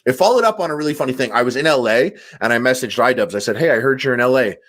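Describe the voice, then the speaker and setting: A man telling a long story on a podcast, with lively, swinging pitch. He slips into quick impressions of the people in the story. His talk is loose and casual. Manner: animated storyteller, acts out quotes. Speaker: podcast guest. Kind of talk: casual chat.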